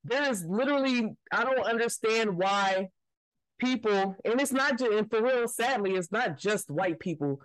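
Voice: mid-range voice, expressive, normal speed, a bit bright, dry recording, rough recording. A podcast co-host talking in casual chat, telling stories emphatically and with a lot of swearing. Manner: emphatic, profane storytelling.

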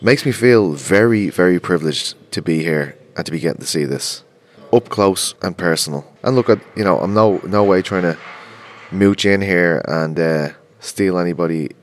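An Irish man hosting a podcast, chatting casually and swearing freely with quick banter. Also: low voice. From Ireland. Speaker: podcast host. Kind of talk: casual chat.

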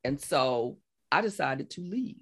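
A woman in her sixties, a life coach being interviewed, telling her story in a lively way and acting out what people said. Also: measured pace, slightly rough. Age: 60s. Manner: animated storyteller, acts out quotes with big laughing pitch jumps. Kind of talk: conversational interview.

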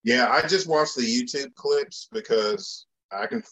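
A man's voice: on the high side, sing-song, a little slow, vocal fry, pushed and bright, slightly rough. A man co-hosting a casual podcast, making wry joking asides. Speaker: podcast co-host. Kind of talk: casual watch-along chat.

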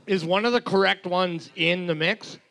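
A man's voice: sits high, gravelly, pushed and bright. A man chatting casually during a trivia game, rambling and joking with his co-host. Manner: slow, rambling, counts numbers aloud while scoring. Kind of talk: casual chat.

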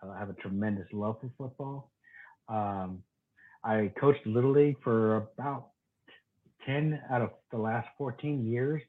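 Guest voice: low-pitched man, enthusiastic, tinny phone-like line. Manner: eager, enthusiastic football talk with restarts. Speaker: podcast guest and contributor. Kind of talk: casual chat.

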